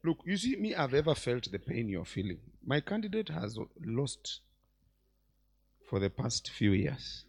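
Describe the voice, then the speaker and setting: A man preaching a sermon in church as bishop, swinging between loud exclamations and quiet asides. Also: mid-range voice, unhurried, creaky, breathy edge. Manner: animated preacher, mixes shouts with quiet asides.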